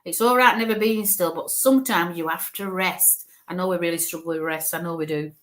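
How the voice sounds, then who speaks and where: A woman's voice: fairly low pitch, brisk, fairly bright tone. Chatty, reassuring woman giving a spirit reading. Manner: chatty and reassuring, full of "okay" and "bless you"; thinks aloud while relaying spirit messages. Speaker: spirit medium. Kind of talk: live mediumship reading.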